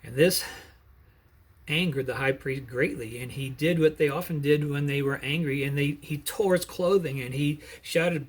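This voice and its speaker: A middle-aged man narrating a Bible story as a preacher, earnest and pausing to explain the background. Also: on the high side, husky.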